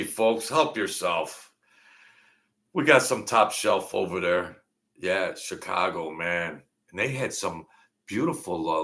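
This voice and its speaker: Slow gravelly man hosting late-night chat. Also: sits low, bright, forceful tone. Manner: rambling, reminiscing, jokey, with many fillers. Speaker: livestream host. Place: home.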